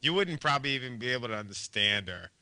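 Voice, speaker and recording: Bright, lively man joking around. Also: medium pitch, quick pace, clean tone, no room sound. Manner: animated, joking, swears casually. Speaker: co-host. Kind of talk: casual late-night chat.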